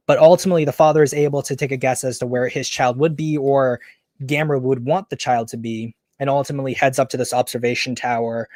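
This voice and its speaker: A man hosting a podcast, casually retelling a story pitch in a rambling, enthusiastic way. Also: no echo, studio quality. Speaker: podcast host.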